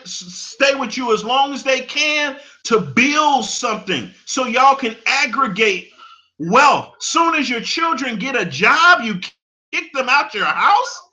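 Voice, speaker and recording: His voice is very high-pitched, pushed and bright. The commentator repeats phrases for emphasis in an impassioned, preachy monologue and laughs at his own points.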